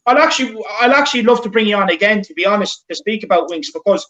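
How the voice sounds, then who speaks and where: A man's voice: sits high, animated, fast talker, pushed and bright. A man with an Irish accent hosting a casual fan podcast, rambling with lots of fillers and enthusiasm. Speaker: podcast host. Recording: roomy lo-fi call with faint noise.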